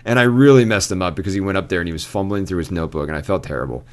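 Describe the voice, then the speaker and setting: A man's voice: low-pitched, racing. A man co-hosting a casual podcast, telling a long rambling story with frequent laughs. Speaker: podcast co-host. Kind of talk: casual chat.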